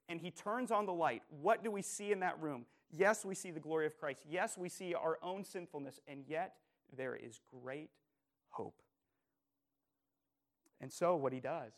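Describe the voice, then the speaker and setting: A pastor delivers a sermon earnestly and emphatically, putting question after question to his listeners and sometimes dropping into quiet, soft phrases. His voice is on the high side.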